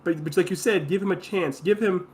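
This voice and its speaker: A man co-hosting a podcast, talking over a TV show in casual chat with blunt, emphatic remarks. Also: high-pitched. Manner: emphatic, quick to call characters idiots. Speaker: podcast co-host.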